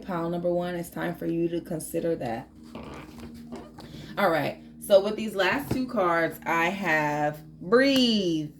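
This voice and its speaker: Chatty woman tarot reader, noisy room. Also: fairly low pitch. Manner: chatty, emphatic, laughs often. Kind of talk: casual tarot reading to viewers.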